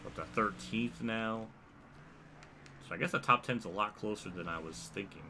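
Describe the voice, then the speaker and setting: A man's voice: lowish voice, normal speed, creaky, bright, forceful tone. A young man live-streaming a racing game, commenting on the race and joking with his chat, often laughing. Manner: laid-back, laughing banter with chat. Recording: faint game noise behind.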